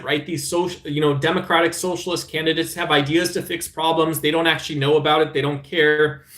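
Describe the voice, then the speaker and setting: Middle-aged male streamer, combative and rambling, slightly raised pitch, echoey room. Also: fairly bright tone. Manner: rambling and combative, frequent "right?" tag questions. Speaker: live-stream host. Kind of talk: casual live-stream chat about politics.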